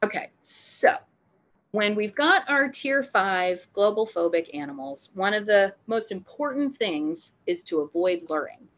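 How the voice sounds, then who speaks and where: A woman's voice: medium pitch, vocal fry, fairly bright tone, dull audio. Upbeat woman giving a dog-training lecture. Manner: upbeat and playful, acts out dog reactions. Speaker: dog trainer and veterinary behavior technician.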